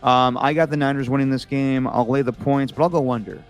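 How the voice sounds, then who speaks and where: A man co-hosts a laid-back football picks chat, reading each matchup before riffing on his own calls. His voice sits at an ordinary middle pitch and comes through a video call. Faint music plays underneath. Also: a little fast, clear, resonant tone. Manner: relaxed, reads matchups then riffs on picks. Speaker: co-host reading out games and picks. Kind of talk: casual sports picks chat.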